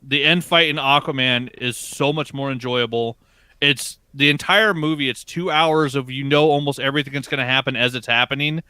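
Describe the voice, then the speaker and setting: A man's voice: medium pitch, normal speed, pushed and bright, smooth, dry recording. A man on a podcast giving enthusiastic, opinionated views and swearing freely. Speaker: podcast co-host. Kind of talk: casual podcast chat.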